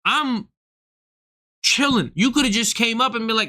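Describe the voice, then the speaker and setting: Heated young man ranting, forceful voice. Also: very high voice, normal speed. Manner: profane, heated, swings into act-outs. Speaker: comedian streaming to viewers. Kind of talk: casual ranting monologue.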